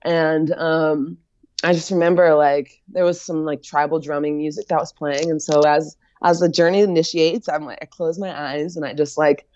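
A woman's voice: low-pitched, fairly even intonation, normal speed, warm tone, no echo. An American woman, a fiber artist, telling a long personal story in a casual interview, slipping into quoted voices, with lots of fillers and laughs. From United States. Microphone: video call. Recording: dull lo-fi sound.

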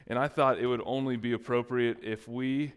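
Man, pastor, sermon with playful asides, smooth clear voice, joking with the congregation. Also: medium pitch, steady tone, moderate pace. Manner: joking, teasing the congregation and tech team.

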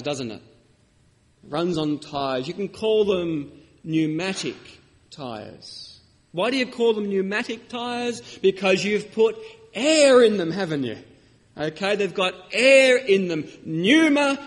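A man's voice: high voice, long reverb tail. A man preaching a sermon in a church, teaching and putting questions to the congregation.

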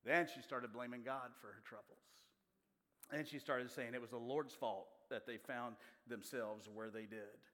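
A man's voice: medium pitch, fairly even intonation, moderate pace, fairly bright tone. A male preacher delivering a sermon, asking the congregation questions as he goes. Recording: long reverb of a large hall.

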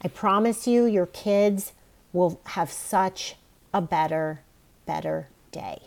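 A woman hosting an advice podcast, talking straight to the listener in a warm, reassuring way. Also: lowish voice, slow pace, gravelly. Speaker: podcast host.

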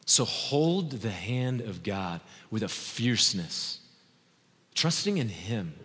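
A man in his thirties preaching a sermon with passion, shifting from soft, slow words to loud, high ones. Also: big pitch swings, breathy edge, in a large hall. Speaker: pastor.

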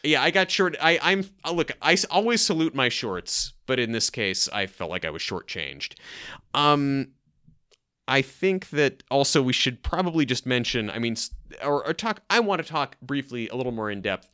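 Man, casual movie chat, animated pitch, bright clear tone. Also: moderate pace. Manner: animated, joking, rambling with many restarts. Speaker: podcast co-host.

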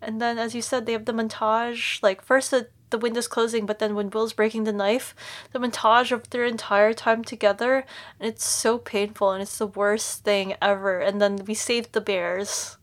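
A woman's voice: fairly high pitch, flat delivery, normal speed. Woman co-host, casual recap talk, emotional and blunt, swears freely. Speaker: podcast co-host. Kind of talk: casual chat recapping a series.

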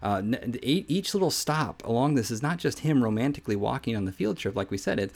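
A man hosting a devotional podcast who teaches scripture earnestly and drops to a soft hush when quoting verses. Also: medium pitch, big pitch swings, fairly quick, gravelly. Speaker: podcast host and Bible teacher.

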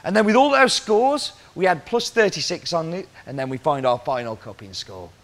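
A man's voice: on the high side, expressive, moderate pace, a bit bright, a little hiss or hum. A man working as a coffee roaster, explaining cupping scores and roasting, talking through questions aloud as he goes.

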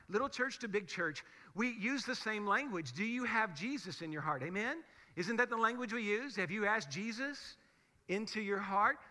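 Bright-voiced male pastor preaching in a church. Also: high voice. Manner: conversational, emphatic preaching with rhetorical questions. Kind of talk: sermon. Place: large church sanctuary. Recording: long hall reverb of a church.

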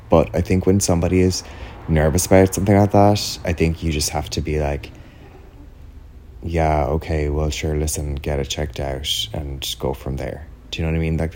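A man's voice: rumbling low, mellow, slight background noise. An Irish man hosting a podcast, telling a story in a chatty, rambling way, full of "like" and "do you know what I mean". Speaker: podcast host. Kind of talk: casual solo chat.

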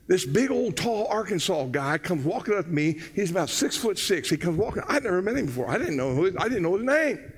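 Older male pastor, high-voiced, excitable storyteller. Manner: excitable, loud bursts, folksy storytelling. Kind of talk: sermon.

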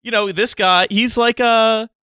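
A man's voice: high-pitched, steady tone, measured pace, pushed and bright, clear, resonant tone, dry recording. A man hosting a podcast, talking casually and rambling with lots of fillers. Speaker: podcast host. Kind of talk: casual comedic chat.

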